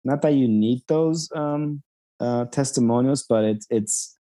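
A man's voice: medium pitch, measured pace, dark tone. A man co-hosting a casual podcast, talking in a rambling way full of fillers. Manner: rambling, lots of fillers and "you know". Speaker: podcast co-host. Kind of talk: casual chat.

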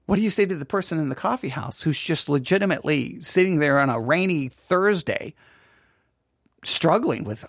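Earnest preaching man, high voice, dry close recording, restarts phrases often. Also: expressive, normal speed, vocal fry, dry recording. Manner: earnest, repeats and restarts phrases, rises when quoting cries. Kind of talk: impassioned sermon-style commentary.

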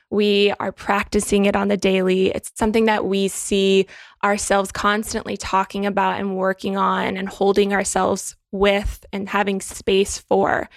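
A woman co-hosting a wellness podcast, speaking in an earnest, encouraging way about personal growth. Her voice has a gravelly texture and a mid-range pitch. The sound is dry and close. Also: dry recording. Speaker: podcast co-host. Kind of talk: reflective wellness podcast talk.

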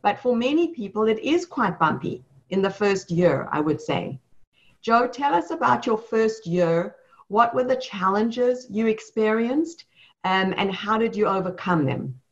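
A woman hosts an interview and poses questions in a reflective, encouraging tone. Her voice sits at a middling pitch, and the recording sounds somewhat dull and muffled. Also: lively intonation, a little slow. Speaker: host. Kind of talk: hosting an interview.

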